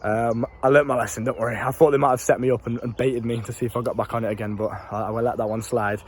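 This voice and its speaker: A man's voice: medium pitch, steady tone, fast talker, a little hiss or hum. A young man with a British accent, telling stories to camera in a casual way, swearing freely and using street slang. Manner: brash, laughs at his own stories. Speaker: life coach.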